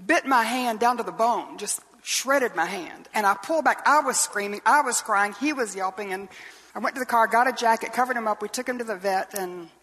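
A woman's voice: fairly high pitch, brisk, fairly bright tone, husky. An older woman, a Bible teacher preaching a sermon in an earnest storytelling way, often asking rhetorical questions. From Southeastern US. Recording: long hall reverb.

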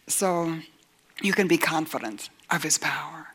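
A woman preaching a sermon in an earnest way, acting out doubters' objections and building to forceful emphasis. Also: sits low, expressive, a little slow, husky.

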